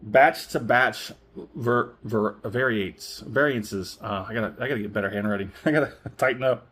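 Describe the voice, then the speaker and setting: A man's voice: fairly low pitch, fairly quick, a bit bright, breathy edge. A man reviewing a whisky in a casual, rambling way, often correcting himself and chuckling. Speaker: spirits reviewer.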